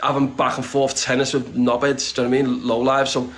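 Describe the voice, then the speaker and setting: A man's voice: medium pitch, level tone, fast, fairly bright tone. A man talking bluntly and casually in an interview, swearing freely and rambling with many restarts. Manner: blunt and streetwise, swears freely, says "lad" often. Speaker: interview guest. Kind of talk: casual conversation.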